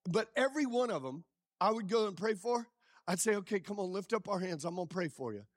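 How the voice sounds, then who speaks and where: A male pastor preaching a sermon with lively call-and-response, quizzing the congregation as he goes. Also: high-pitched, fairly quick, no echo, studio quality. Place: church.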